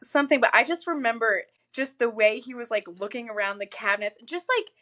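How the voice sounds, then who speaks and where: A woman guest on a podcast with a fairly high voice. She recounts funny moments in a lively, giggly way and slips into quick impressions of other people's lines. The conversation stays casual and warm between friends.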